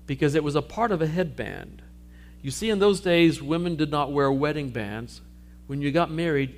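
Man, pastor, sermon, slightly high voice, animated storytelling, faint background hum. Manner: animated storytelling, acting out sheep and Jesus.

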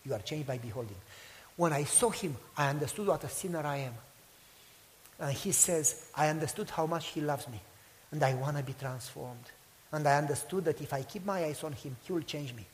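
Male pastor, high-pitched, animated loud-to-hushed delivery, echoing hall. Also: brisk, slight background noise. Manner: animated storytelling, acts out quotes, swings from loud to hushed. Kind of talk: sermon with storytelling.

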